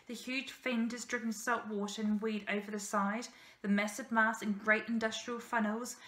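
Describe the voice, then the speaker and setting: Bright-voiced teacher reading a story aloud. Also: female voice, medium pitch. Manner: steady storybook narration with small slips. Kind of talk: reading a children's novel aloud. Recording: roomy echo.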